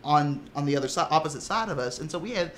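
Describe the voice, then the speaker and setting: A man's voice: a little high, lively intonation, quick pace, fairly bright tone, a little hiss or hum. A man who plays in a tabletop game, talking casually in an interview, restarting and repeating words as he goes. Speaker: tabletop game player and actor.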